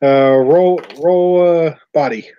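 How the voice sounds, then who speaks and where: A man's voice: on the high side, slow, clean tone. A man running a tabletop game as game master, often restarting his sentences. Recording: dull lo-fi recording.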